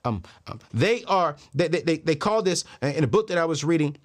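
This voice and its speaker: A man in his thirties hosting a podcast, telling stories and giving money and faith lessons in an animated, preacher-like way with emphatic repeats. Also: on the high side, fairly quick. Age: 30s. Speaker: podcast host. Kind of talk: motivational talk on money and faith.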